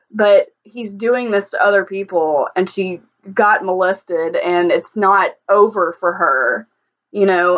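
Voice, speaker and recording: A woman's voice: medium pitch, a bit bright, dull audio. A woman giving casual reaction commentary in a blunt, heated, profane way, often restarting her sentences. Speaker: vlogger reacting to a video.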